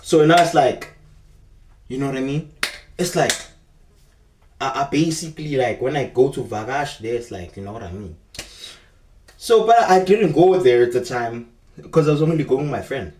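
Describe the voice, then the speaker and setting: A man's voice: medium pitch, lively intonation, normal speed, pauses often, darkish tone, a little hiss or hum. A young man with a South African accent, rambling through a casual storytime in slangy street talk. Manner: rambling and slangy, keeps calling the viewer bro. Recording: echoey room, mic at a distance.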